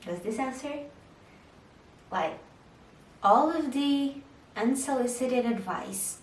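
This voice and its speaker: A woman's voice: on the high side, expressive, takes it slowly, pauses often, echoey room, recorded from a distance, poor audio. A young woman chatting candidly to camera, answering viewer questions about motherhood and marriage. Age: young adult. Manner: candid, chatty, with frequent "like" fillers. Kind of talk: casual Q&A chat.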